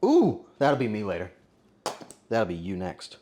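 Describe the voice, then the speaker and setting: A man streaming casually while cooking and tasting, joking crudely and bursting into loud exclamations. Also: fairly low pitch, huge pitch swings, unhurried, slight background noise. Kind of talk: casual cooking livestream chatter.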